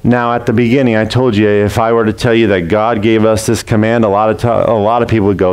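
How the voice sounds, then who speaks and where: A man's voice: on the low side, level tone, fast talker, hardly any pauses, darkish tone, clear, resonant tone. A man preaching a sermon as a pastor, earnest and emphatic, repeating his key lines for weight.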